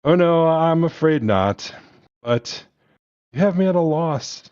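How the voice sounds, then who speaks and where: A sly, menacing German villain drawls his taunts with a thick, exaggerated German accent, as a man puts him on. The voice sits higher than the man's own. It is heard over dull, lo-fi remote audio. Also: expressive, takes it slowly, a little mellow, clear, resonant tone. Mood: taunting. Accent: put-on German accent.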